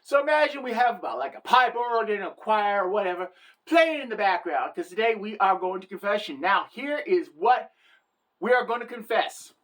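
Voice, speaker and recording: An irreverent woman delivering a satirical comedy monologue, full of wisecracks and brags. She talks loosely and casually, with punchy asides. Her voice sits at a middle pitch. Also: expressive, moderate pace.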